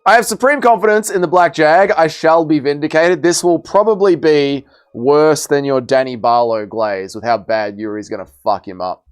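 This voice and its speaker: A man's voice: a little high, normal speed, few pauses, smooth. A young man hosting a casual livestream, bantering as he reads and answers viewers' chat messages. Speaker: livestream host.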